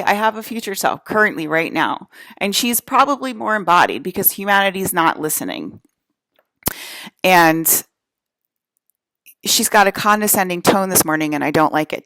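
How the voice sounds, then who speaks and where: A woman's voice: fairly low pitch, expressive, normal speed, pauses often, a bit bright. A woman from New Jersey giving a rambling solo rant to camera, profane, emphatic and repetitive. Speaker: vlogger.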